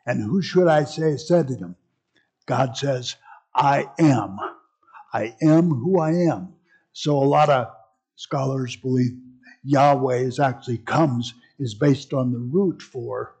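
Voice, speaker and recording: A man's voice: medium pitch, darkish tone, breathy edge. A man teaching a Bible class in a conversational way, with frequent asides and restarts. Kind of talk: casual teaching talk.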